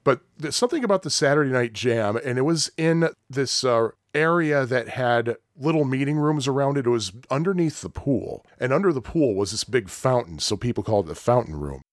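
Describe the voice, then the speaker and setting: A man's voice: medium pitch, fairly quick, hardly any pauses, no echo. Chatty male storyteller, mid-range voice, dry close recording. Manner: rambling and animated, with frequent laughs and acted-out quotes. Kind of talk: casual storytelling chat.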